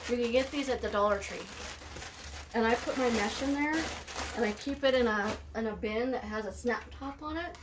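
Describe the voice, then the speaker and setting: A woman's voice: on the high side, normal speed, background noise. Chatty woman hosting a live craft tutorial. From United States. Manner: chatty, laughs easily, dry sarcasm; thanks viewers by name while working. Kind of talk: casual live craft demonstration.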